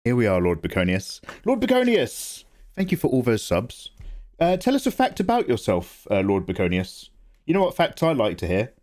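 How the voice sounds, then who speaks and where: An art livestreamer with a mid-range voice chats at a moderate pace, sounding tired yet animated. He jokes around with viewers, reads their names aloud and replies to the chat.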